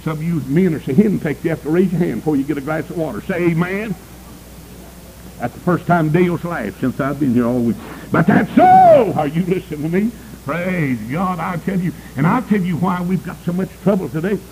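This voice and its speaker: Man, preacher, lively swooping delivery, faint hiss on a radio broadcast. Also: fairly quick, vocal fry, poor audio. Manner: emphatic, swooping pitch, calls for amens. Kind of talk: sermon.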